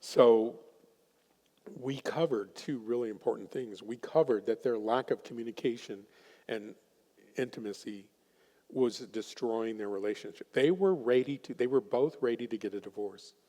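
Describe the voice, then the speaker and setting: A man's voice: mid-range voice, darkish tone. Man telling a story in a reverberant hall. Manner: storytelling, acting out the clients' voices. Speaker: workshop presenter and counselor. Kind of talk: telling a counseling story at a workshop. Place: chapel hall.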